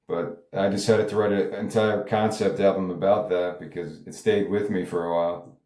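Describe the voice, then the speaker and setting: A man's voice: sits low, fairly even intonation, normal speed, a little mellow, roomy sound. A songwriter talking casually about his music, rambling and stopping himself, with many fillers along the way. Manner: rambling, self-interrupting, frequent filler words. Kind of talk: casual monologue.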